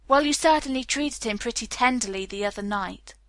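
A woman's voice: a little high, brisk, a bit bright, dry recording, natural voice. A woman reading the part of a self-assured young man, wry and lightly teasing.

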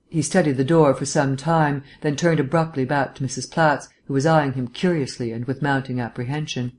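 An audiobook narrator reading scripted narration in a measured, even storytelling manner. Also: mid-range voice.

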